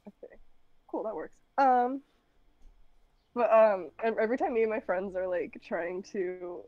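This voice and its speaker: A woman chatting casually as a guest on a livestream, giggly and rambling, and a bit hoarse from losing her voice. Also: medium pitch, unhurried, no echo, dull audio. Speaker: guest streamer. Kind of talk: casual chat while livestreaming.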